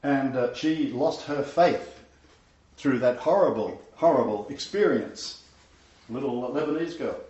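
A pastor leads a Bible study as a casual sermon, chatty and emphatic, laughing often and using many fillers. His mid-range voice is a little mellow and moves at a measured pace. The recording is roomy, slightly dull and lo-fi.

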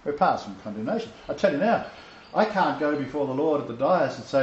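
Man, informal preacher, lively emphatic delivery, faint room ambience, lo-fi roomy recording. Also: a little high, fairly quick, slight background noise. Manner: animated, emphatic scripture quoting with restarts. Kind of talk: informal home-group sermon.

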